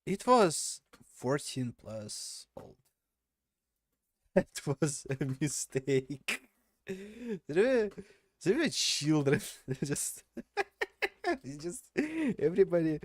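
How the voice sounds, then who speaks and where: Rambling, laughing young man, slow and dry. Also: a little high, a little mellow, no echo. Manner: rambling, laughing, reads chat aloud. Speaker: streamer. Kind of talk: casual live-stream chat.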